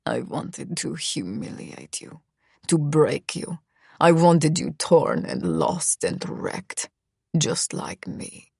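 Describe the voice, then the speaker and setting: A cold, brooding young mafia man, as a woman narrator puts him on, hissing his words low and slow through clenched teeth. The voice sits deep and unhurried, close and dry with no room around it. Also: big pitch swings, creaky, a little mellow, husky, no room sound, heavily acted. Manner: hissing, snarling, low and menacing. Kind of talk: audiobook character voice.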